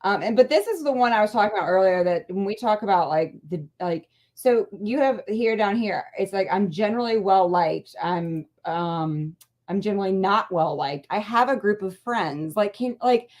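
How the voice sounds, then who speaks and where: A woman's voice: medium pitch, moderate pace, a little mellow. A middle-aged woman chatting about politics as a guest, in a rambling way full of restarts and fillers. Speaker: guest, parent advocacy co-founder. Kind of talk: casual political chat.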